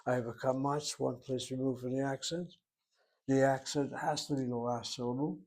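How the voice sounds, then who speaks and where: A man of middle pitch gives a Hebrew grammar lesson. He works patiently through each syllable and spelling, reasoning aloud like a teacher at a whiteboard. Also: fairly even intonation, normal speed, a little mellow. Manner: methodical, talks through each step aloud. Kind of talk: grammar lecture.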